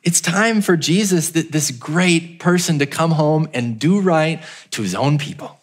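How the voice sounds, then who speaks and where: A man preaches as a pastor, lively and unhurried, telling the story and acting out the townspeople at high volume. For emphasis, he drops to a low, quiet voice.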